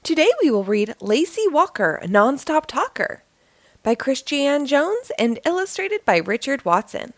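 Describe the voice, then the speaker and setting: A woman hosting a storytime, reading a children's book aloud in a lively, expressive way. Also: high-pitched, measured pace, no room sound. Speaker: storytime host.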